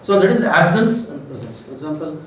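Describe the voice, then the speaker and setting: A man's voice: fairly high pitch, big pitch swings, a little fast. A man in his seventies with an Indian English accent, giving a rambling, emotional lecture full of fillers. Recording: roomy echo, voice from a distance, faint noise.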